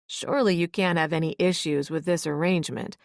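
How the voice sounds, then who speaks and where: A woman voicing a calm, reasonable male executive with a measured, wry way of talking. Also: low voice, creaky, no room sound, clean studio sound. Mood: reasoning.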